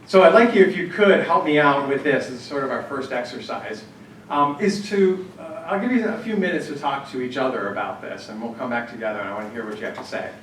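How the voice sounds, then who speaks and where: A man's voice: medium pitch, expressive, fast, slight background noise. A man giving a conversational talk to a live group, telling anecdotes and leading an exercise, with frequent fillers and restarts. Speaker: workshop speaker on church planning. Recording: echoey hall, distant mic, faint ambience.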